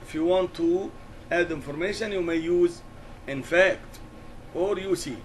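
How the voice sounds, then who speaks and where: A man teaching an English lesson, explaining slowly and deliberately and repeating key words. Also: high voice, slight background noise, poor audio.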